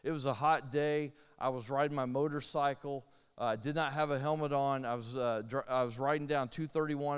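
A middle-aged man from Indiana delivers a sermon testimony with earnest urgency. His voice is smooth and clear at an ordinary pitch. It rings out with a long reverb, as in a large church hall. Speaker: preacher.

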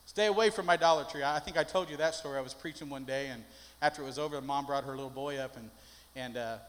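A man's voice: medium pitch, fast, fairly bright tone. An older man, a pastor, preaching a sermon with folksy stories that build into emphatic preaching. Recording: long hall reverb.

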